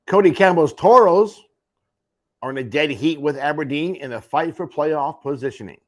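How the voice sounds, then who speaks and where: A man's voice: on the high side, moderate pace. Wry man reading hockey standings. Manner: wry, offhand asides between standings. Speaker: host. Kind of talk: sports radio rundown.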